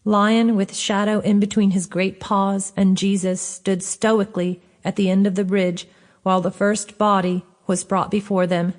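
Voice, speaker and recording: Woman author-narrator, audiobook reading, steady and clear, mid-pitched. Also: a little slow. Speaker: author reading her own book.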